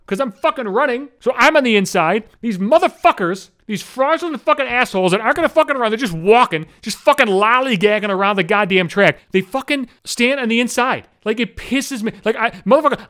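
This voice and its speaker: A man's voice: high voice, fast, hardly any pauses, fairly bright tone. A man hosting his own podcast, ranting alone, agitated and swearing constantly. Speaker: podcast host. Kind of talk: solo podcast rant.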